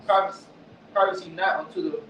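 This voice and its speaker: Halting male scripture reader. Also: sits high, steady tone. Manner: halting, stumbling reading. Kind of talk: reading scripture aloud. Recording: echoey, distant, dull lo-fi with faint noise.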